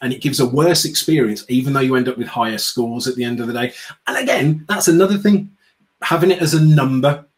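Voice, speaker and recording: A British man speaking as an interview guest, outspoken and sarcastic, with a middle pitch for a man. He keeps slipping into mocking quotes of other people as he makes his points. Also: lively intonation, brisk, low-quality recording. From United Kingdom. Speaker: guest, customer experience speaker. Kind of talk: animated interview chat.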